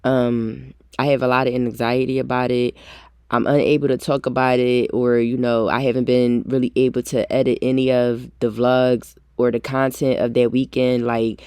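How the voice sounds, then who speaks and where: Young woman vlogger, low voice, near tears, raw and repetitive, echoey room. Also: darkish tone. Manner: raw, repetitive, swears often, talks straight to viewers. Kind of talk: emotional storytime vlog.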